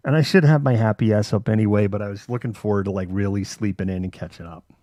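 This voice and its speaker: A man's voice: on the low side, quick pace, mellow, dry recording, studio quality. A man hosting a live stream, telling rambling stories with a lot of swearing. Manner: rambling, profane storytelling. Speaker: host. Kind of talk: live-stream casual chat.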